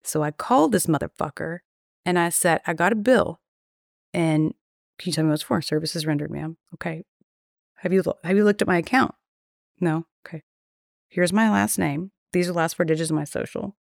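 A woman in her thirties, a podcast guest, tells casual stories in a blunt, profane, candid way and acts out the dialogue she quotes. Her voice is lowish and creaky, she speaks a little fast, and the sound is dry and close with no echo.

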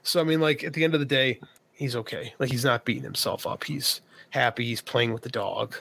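A man's voice: medium pitch, fairly quick, creaky, fairly bright tone, no echo. A man in his thirties telling a personal story in a casual podcast chat, quoting himself and his son as he goes. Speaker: podcast co-host.

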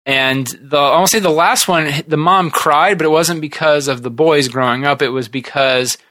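A man hosting a podcast, chatting casually and retelling TV scenes in a rambling, animated way. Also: fairly high pitch, moderate pace, dry recording. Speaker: podcast host. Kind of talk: casual chat.

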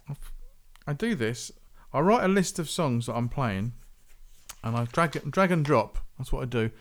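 A man's voice: mid-range voice, animated, moderate pace. A man hosting a music podcast, chatting casually and rambling. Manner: rambling, chatty, self-interrupting. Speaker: podcast host.

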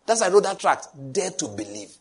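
A man's voice: high-pitched, big pitch swings, a little fast, a little hiss or hum. A man preaching a sermon emphatically and asking the congregation questions. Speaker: pastor.

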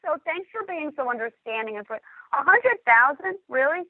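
A woman's voice: sits high, very animated, normal speed, dry recording. Woman host chatting off the cuff, sounds like a phone line, dry. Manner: off-the-cuff, chatty, laughs easily. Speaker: podcast host. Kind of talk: casual podcast talk.

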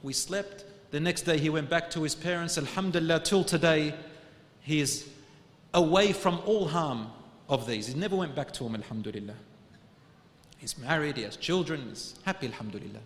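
A male preacher telling a personal story in an earnest sermon, his voice rising to loud urging and dropping to hushed tones, with Arabic religious phrases woven in. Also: on the high side, animated, measured pace, long pauses. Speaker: Islamic preacher. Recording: echoey hall.

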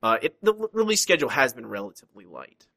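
A man's voice: medium pitch, very animated, fast talker, gravelly, pushed and bright. A young adult man hosting a podcast in casual chat, laughing often. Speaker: podcast host.

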